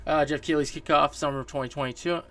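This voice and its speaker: A Canadian man hosts a solo podcast, talking quickly in a slightly high, a bit bright voice with fairly even intonation. He rambles casually through gaming news, full of fillers and restarts, recorded on a distant mic in a dry room.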